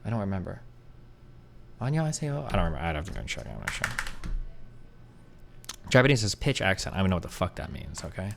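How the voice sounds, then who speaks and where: A man's voice: low voice, sing-song, fast talker, creaky, pauses often, a bit bright, slight background noise. Rambling, self-doubting male streamer. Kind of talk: casual live-stream chat, answering chat.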